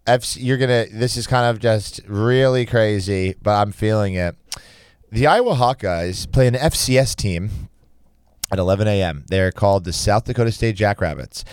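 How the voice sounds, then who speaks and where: This young man co-hosts a laid-back sports betting podcast, his voice on the low side and smooth at a moderate pace. He rambles and keeps restarting sentences while giving his picks, and the audio is clean studio sound without echo.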